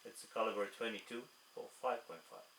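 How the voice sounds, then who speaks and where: A man's voice: on the low side, steady tone, quick pace. A man testing an air rifle, reading out velocity numbers in short bursts and chatting casually between shots. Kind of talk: casual commentary while test shooting. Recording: roomy echo with clear background noise.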